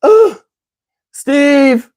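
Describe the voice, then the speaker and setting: A man putting on the voice of a woman on the phone, tearful and pleading, high and drawn out. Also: animated, very slow, darkish tone, heavily acted.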